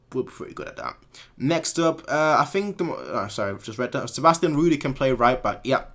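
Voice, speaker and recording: A man's voice: mid-range voice, bright, forceful tone. A man from Munich hosting a fan live stream, answering viewer comments in a rambling way and repeating words as he corrects himself. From Munich, Germany. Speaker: fan channel host.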